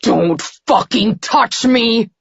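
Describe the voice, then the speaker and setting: A woman voicing an intense, tormented young man with a low, hoarse murmur. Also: fairly even intonation, slow pace, darkish tone, dry recording, full character voice. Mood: anguished. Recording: slightly dull lo-fi recording.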